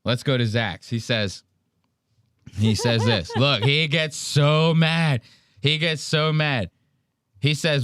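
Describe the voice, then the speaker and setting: A man's voice: mid-range voice, lively intonation, unhurried, fairly bright tone, dry recording, clean studio sound. Profane, mocking male podcast host. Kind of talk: casual podcast chat.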